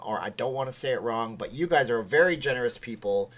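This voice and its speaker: A tired man from Canada hosts a late-night livestream from home. He chats in a loose, rambling, joking way. His voice sits at a middling pitch. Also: a little fast, hardly any pauses. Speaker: livestream host. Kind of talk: casual livestream chat.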